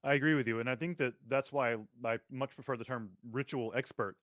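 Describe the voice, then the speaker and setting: Man hosting a scholarly chat, emphatic and articulate, mid pitch, dry recording. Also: fairly even intonation, fairly quick, a bit bright, dry recording. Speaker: podcast host. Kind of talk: academic conversation.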